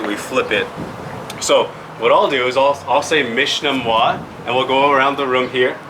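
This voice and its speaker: A man's voice: mid-range voice, noisy background. A man from the Yakima Valley presents to a group indoors. He patiently asks questions and spells words out letter by letter. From Yakima Valley, Washington. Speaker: language presenter. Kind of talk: teaching a group. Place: indoor room at a public museum event.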